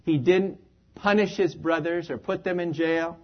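A man's voice: a little high, fairly even intonation, unhurried, dull audio. A man preaching a sermon in an earnest, emphatic way, letting his phrases fall away at the ends.

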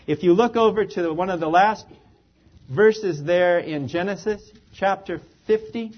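A man preaching a sermon with a high, light voice. He speaks earnestly and with emphasis, and his phrases trail off softly at the ends. The sound is a little dull and lo-fi. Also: measured pace.

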